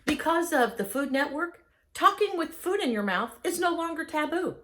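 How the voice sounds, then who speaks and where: A middle-aged woman chatting casually as host, an enthusiastic and animated storyteller. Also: high-pitched, moderate pace. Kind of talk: casual chat.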